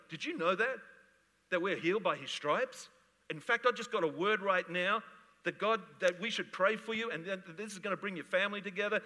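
A male pastor preaching with lively energy, his bright, forceful voice ringing out. The long reverb of a church hall trails after each line. He mixes jokes and laughter into his sermon. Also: high voice, brisk.

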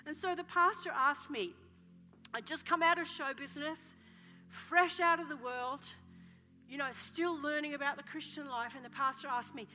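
Bright, high-voiced woman pastor preaching. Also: steady tone, moderate pace. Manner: passionate, dramatic storytelling with shouts. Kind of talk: sermon. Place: church hall. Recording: reverberant hall with soft music.

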